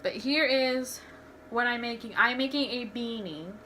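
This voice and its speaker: A woman's voice: on the high side, a little slow, pushed and bright, a little hiss or hum. A young woman tells personal stories in a candid, rambling home vlog, restarting her sentences often. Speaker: vlogger. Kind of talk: casual storytelling vlog.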